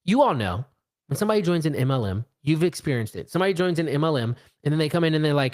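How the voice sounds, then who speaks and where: A man's voice: fairly high pitch, expressive, quick pace. A man in his late thirties giving a casual live-streamed business talk, acting out little dialogues as he goes. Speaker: real estate investor and speaker.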